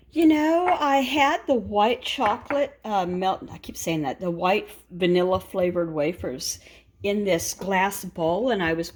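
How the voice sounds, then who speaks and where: A woman's voice: mid-range voice, roomy sound. A woman vlogger chatting casually while cooking at home, wandering through a story and circling back with "anyway". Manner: rambling storyteller, keeps saying "anyway". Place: home kitchen.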